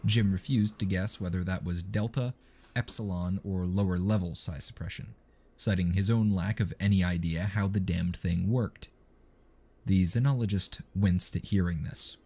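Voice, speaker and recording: A man narrating a written story in a steady, measured reading. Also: sits low, husky. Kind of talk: scripted narration.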